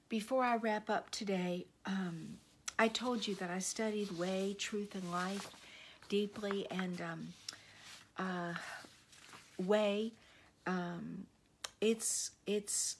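A woman who is a spiritual director, leading a devotional teaching with spoken prayer in an earnest, unhurried way that often sinks to a hush. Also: mid-range voice, slight background noise.

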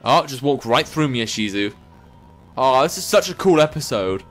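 A man hosting a game let's play, reading lines aloud with jokey, excitable, sing-song asides. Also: mid-range voice, normal speed, faint music behind.

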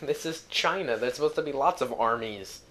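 A young man talks through a video game in a loose, joking ramble, often trailing off into fillers and asides. His voice sits at an ordinary middle pitch. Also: lively intonation, a little fast, background noise. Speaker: let's player. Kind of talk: casual gameplay commentary.

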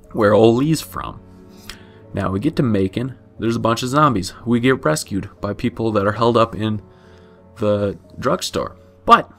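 Host type: offhand, swearing man with a fry-edged voice, comic recap delivery. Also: on the low side, fairly bright tone. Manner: flippant, profane, rambling with self-corrections. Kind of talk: casual comedic recap.

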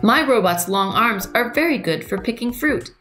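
A woman voicing a friendly, cheerful alien creature in a storybook, speaking in a high, bubbly and welcoming way. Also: expressive, moderate pace, a bit bright, faint music behind.

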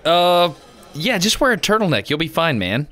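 A man's voice: a little high, very animated, moderate pace, fairly bright tone, voice pushed up. A man voicing a laid-back bartender who talks in a casual, easygoing way. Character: laid-back adult male bar bartender.

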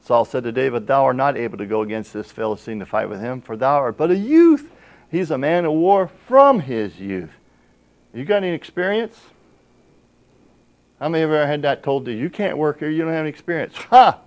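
A man's voice: mid-range voice, expressive, brisk. A man preaching a sermon as pastor, reading scripture aloud and putting rhetorical questions to the congregation with emphasis.

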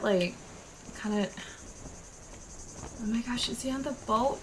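A woman's voice: medium pitch, measured pace, long pauses, a little hiss or hum. Playful young woman streaming a game. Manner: playful, swears, squeals at cute things. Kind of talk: casual gameplay commentary. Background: game music.

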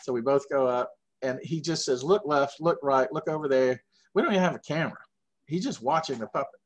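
A middle-aged man from Georgia with a Southern accent, telling long, animated anecdotes full of fillers in a casual interview. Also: medium pitch, brisk. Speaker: guest puppeteer.

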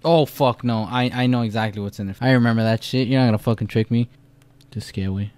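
A man's voice: medium pitch, fast talker, darkish tone, clear, resonant tone. A young man giving casual let's-play commentary, jumpy and profane, rambling through his reactions. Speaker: gamer.

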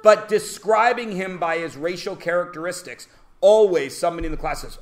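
A man's voice: sits high, fairly quick. Blunt man teaching a class. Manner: blunt, provocative, talks over students. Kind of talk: classroom lecture.

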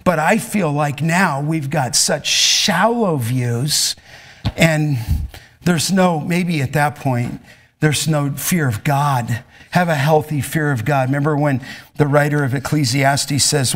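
A man's voice: on the high side, takes it slowly, fairly bright tone. Intense, emphatic middle-aged male pastor. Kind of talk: sermon with questions from students.

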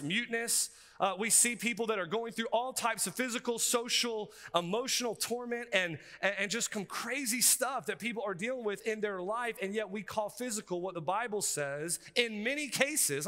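High, bright preacher man. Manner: energetic, conversational preaching with frequent asides. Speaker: pastor. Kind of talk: sermon. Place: seminary chapel. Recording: reverberant hall.

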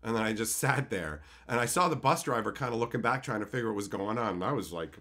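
A man's voice: lowish voice, animated, fast talker, a bit bright. A man with a Canadian accent ranting on a live stream, profane and heated as he talks to his viewers.

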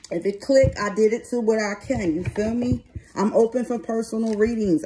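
A woman's voice: a little high, dark tone, slight background noise. Blunt, streetwise woman tarot reader. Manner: blunt, streetwise, swears freely. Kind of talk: tarot reading and card commentary.

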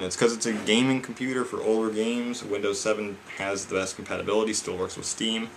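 A man's voice: fairly low pitch, fairly even intonation, a little fast, fairly bright tone, a little hiss or hum. Exasperated man ranting with lots of swearing. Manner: exasperated, swears a lot, addresses viewers as guys and man. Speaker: vlogger. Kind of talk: casual ranting vlog.

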